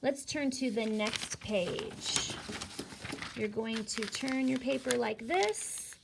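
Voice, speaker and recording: A woman teacher walks young children through a phonics lesson at an unhurried, deliberate pace. Her voice sits a little high and carries a gravelly edge, and she sounds out each word letter by letter. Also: background noise. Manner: slow, patient, spells words out letter by letter.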